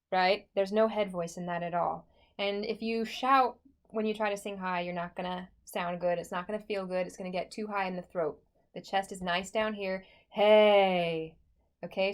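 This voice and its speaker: A woman voice teacher talking through a singing lesson in a chatty, encouraging way, with many likes and okays. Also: mid-range voice.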